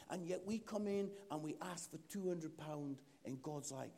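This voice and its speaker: A Scottish man preaching a sermon in a church, telling a story with lively, acted-out quotes. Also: a little high, moderate pace, vocal fry, hardly any pauses. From Scotland. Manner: animated storytelling, acts out quotes.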